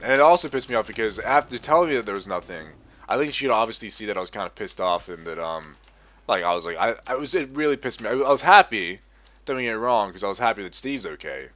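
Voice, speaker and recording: A man's voice: medium pitch, sing-song, fast, a bit bright. A young man ranting profanely in a casual gaming commentary. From Australia. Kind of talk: casual rant over gameplay.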